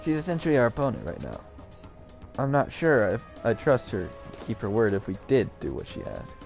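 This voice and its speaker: A man streaming a story video game, reading the narration aloud in a casual, animated way. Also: mid-range voice, fairly quick, gravelly, faint music behind. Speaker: gaming streamer.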